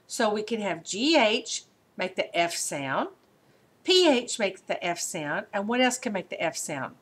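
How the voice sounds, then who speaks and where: Woman, teacher, unhurried phonics lesson, warm encouragement, sounds out words, webcam. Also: mid-range voice, very animated, breathy edge.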